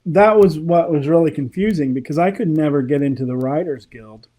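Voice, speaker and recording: Mellow, slightly high-voiced middle-aged man. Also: fairly quick. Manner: rambling and anecdotal, chuckling often. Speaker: guest, voice actor and comedy writer. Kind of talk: casual chat, telling stories.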